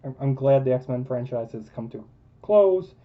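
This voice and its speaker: A man's voice: mid-range voice, animated, normal speed. A man ranting in a film review vlog, emphatic and repetitive, losing his voice. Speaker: movie reviewer. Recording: dull lo-fi recording.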